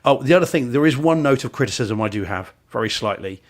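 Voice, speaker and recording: Male podcast co-host, middle-pitched, casual and opinionated, tends to restart sentences. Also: expressive, fast talker. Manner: opinionated, jokey, frequent restarts.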